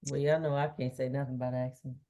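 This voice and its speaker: A woman telling a story in a casual book club chat, in a lively way. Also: a bass voice, quick pace.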